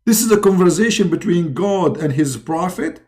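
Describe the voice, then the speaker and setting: Male streamer, mocking and halting, with a lively voice that swoops up and down. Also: high-pitched. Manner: sarcastic, halting, with many fillers. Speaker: religious debate streamer. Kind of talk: mocking commentary.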